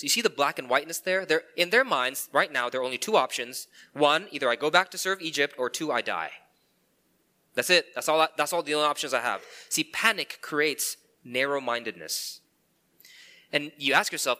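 Guy preaching, bright voice, goes animated then drops soft and low for emphasis. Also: normal speed. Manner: animated, acts out sarcastic questions to God. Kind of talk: sermon.

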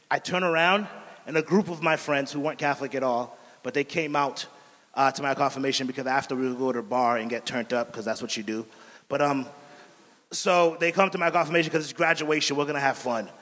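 A man preaches his personal testimony with earnest storytelling, his voice sitting slightly high. He sinks soft and quiet on his key lines. His voice carries a long reverb, like a large hall. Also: steady tone, brisk. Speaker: missionary giving a testimony.

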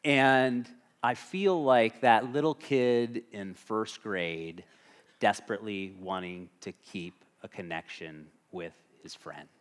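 A man's voice: on the low side, takes it slowly. A man preaching a sermon as a pastor, talking conversationally and asking the congregation questions.

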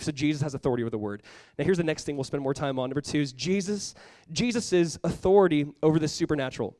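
A male pastor delivers a sermon in an earnest, chatty way, with a voice pitched a little high for a man. He talks quickly and often slips into acting out the reactions of his listeners. The sound is dry and close, with no room echo. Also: darkish tone.

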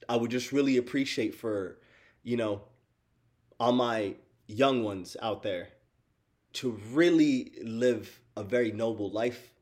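Male streamer, casual and profane, laughs easily, speaks to viewers directly, mid-range pitch. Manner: animated, profane, laughs often, addresses listeners as y'all. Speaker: streamer talking to chat. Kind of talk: casual chat.

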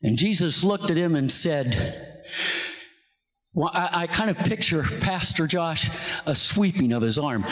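Male pastor, sermon delivery, bright high voice, reverberant church hall. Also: lively intonation. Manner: builds from slow, low musing to shouted exclamations.

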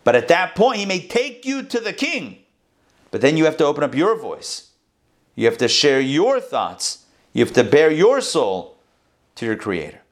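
A man telling a parable to a class in an animated storytelling sermon, acting out the animals' voices. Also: on the high side, moderate pace. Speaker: rabbi teaching a class.

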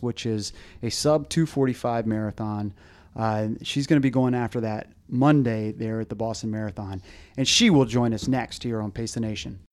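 A man's voice: mid-range voice, darkish tone. A man hosting a running podcast, talking casually and often stumbling over fillers and restarts. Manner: hesitant, many fillers and restarts. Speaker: podcast host.

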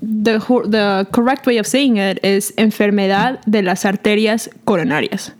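A woman's voice: mid-range voice, normal speed. A woman co-hosting a casual medical Spanish lesson, explaining terms patiently and laughing easily. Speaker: co-host teaching medical Spanish. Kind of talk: casual teaching chat.

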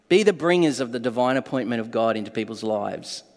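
A man's voice: medium pitch, brisk, hardly any pauses, long reverb tail. A man preaching a sermon as a pastor, telling stories animatedly and acting out the quotes. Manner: animated storytelling with acted-out quotes.

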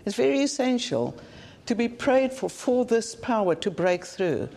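A South African woman delivers a sermon as a conference speaker, earnest and blunt, repeating lines for emphasis. Her voice is a little high, creaky, and darkish, unhurried, with big pitch swings.

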